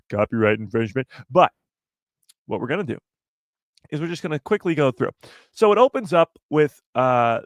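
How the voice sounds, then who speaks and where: A man's voice: mid-range voice, no echo, studio quality. A young man hosting a casual live stream, talking to his chat in a playful, teasing way and piling up rhetorical questions.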